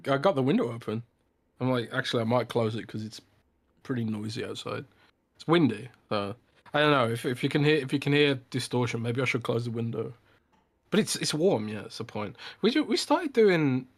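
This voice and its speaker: A man co-hosting a podcast in casual chat, teasing his partner and laughing often. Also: medium pitch. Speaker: podcast co-host.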